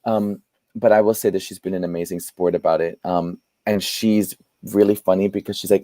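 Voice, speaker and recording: Animated, laughing man telling stories. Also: sits low, fairly quick, dry recording. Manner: animated storyteller who laughs often. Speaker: guest playwright and performer. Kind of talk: storytelling in an interview.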